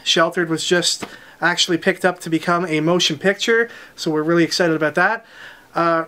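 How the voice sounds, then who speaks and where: A man, hosting a comic shop unboxing and briskly listing new releases with dry asides. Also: high-pitched, sharp tone, smooth. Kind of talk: unboxing product rundown. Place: comic book store.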